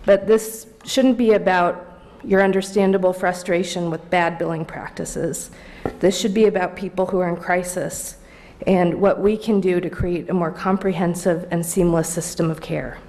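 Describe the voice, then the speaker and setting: A woman's voice: lowish voice, fairly even intonation, normal speed, darkish tone, slight background noise. A woman legal aid advocate giving a composed, prepared public comment at a county board meeting. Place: council chamber.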